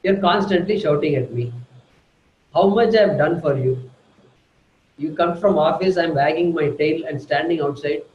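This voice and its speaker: A man's voice: a little high, moderate pace, echoey room, lo-fi sound, a little hiss or hum, lightly acted. A man playing a fed-up, complaining pet dog. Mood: aggrieved. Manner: aggrieved, complaining.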